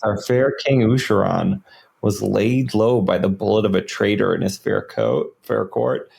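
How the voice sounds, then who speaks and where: Gravelly-voiced man retelling a story. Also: on the low side, unhurried. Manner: animated storyteller, many fillers and "like"s. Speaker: podcast co-host. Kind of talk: casual lore chat.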